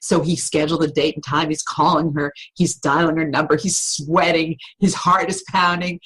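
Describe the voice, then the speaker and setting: A middle-aged woman voice coach explaining vocal tips in a podcast interview, with an animated, instructive storytelling manner. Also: low-pitched, normal speed, hardly any pauses, husky, poor audio.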